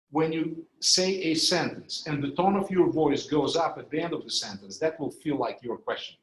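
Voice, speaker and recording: A man's voice: a little high, a little hiss or hum. A man giving a training lecture, explaining ideas step by step and using live demonstrations. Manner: explanatory, illustrates with live demos. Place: conference room. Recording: echoey training room.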